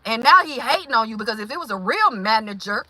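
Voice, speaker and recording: Bright-voiced, blunt woman venting. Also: on the high side, quick pace, no echo, rough recording. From Milwaukee, Wisconsin. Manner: animated, blunt, confrontational. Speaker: vlogger. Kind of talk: venting monologue.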